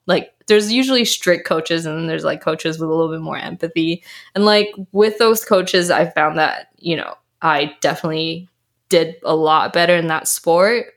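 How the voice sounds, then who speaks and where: A young adult woman, a health coach, chatting in an interview and acting out quotes from her past. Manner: animated storyteller, acts out quotes in a higher voice. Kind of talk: casual interview chat.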